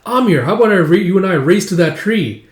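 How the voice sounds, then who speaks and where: A man's voice: high voice, expressive, quick pace, pitched above the performer's own voice. A man voicing an eager, boyish young husband in a playful manner, in a roomy-sounding recording. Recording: roomy echo.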